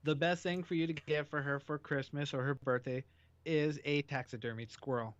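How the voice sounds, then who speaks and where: A man co-hosting a casual talk radio show, tossing in dry jokes at a middling pitch. The sound is dull and a little lo-fi, with no room around it. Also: fairly even intonation, moderate pace, no room sound. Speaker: radio co-host.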